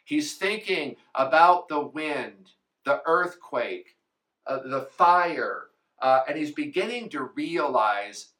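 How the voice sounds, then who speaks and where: Male pastor, fairly high, bright voice, slow measured sermon delivery with dramatic retellings. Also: animated. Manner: dramatic retelling, voicing biblical figures. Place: church.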